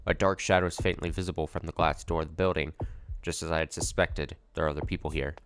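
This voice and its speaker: Deep-voiced man reading game text. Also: fairly even intonation, fast, no room sound, clean studio sound. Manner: dramatic reading mixed with wry asides. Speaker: streamer. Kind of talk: let's play narration, reading game text aloud.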